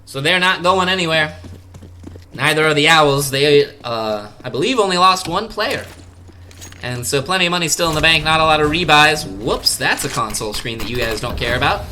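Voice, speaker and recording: A young man giving live play-by-play for a college esports match, his high, very bright voice leaping upward at big plays. He jokes between calls and rarely slows down. A faint hiss of noise sits under the recording. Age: young adult. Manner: excitable, jokey, bursts of sudden excitement. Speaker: esports caster.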